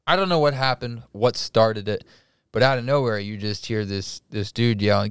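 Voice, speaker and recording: A man's voice: fairly low pitch, normal speed, clean tone, no echo, clean studio sound. A man in casual chat, telling a story with heavy swearing and acting out the people in it. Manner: profane storyteller acting out quotes.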